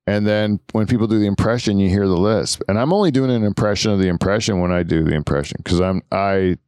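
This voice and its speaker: A man's voice: on the low side, fast, a little mellow, smooth, dry recording, clean studio sound. A Canadian man hosting a podcast, chatting casually and telling rambling, profane stories with laughs. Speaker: podcast host. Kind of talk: casual chat.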